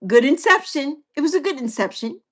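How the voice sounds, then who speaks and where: A woman's voice: high voice, expressive, fairly quick. A woman in her sixties hosting a casual livestream chat, chatty and repetitive, reading out viewer comments and laughing often. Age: 60s. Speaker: livestream host.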